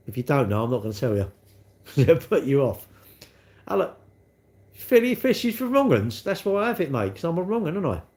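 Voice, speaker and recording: Cheeky man, lively pitch. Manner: cheeky, rambling banter. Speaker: livestreamer reading chat. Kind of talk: casual live-stream chat.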